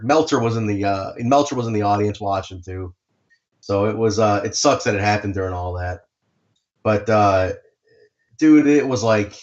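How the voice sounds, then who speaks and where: A man co-hosting a podcast, telling a story casually, animated and swearing, with lots of restarts. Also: on the low side, lo-fi sound. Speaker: podcast co-host.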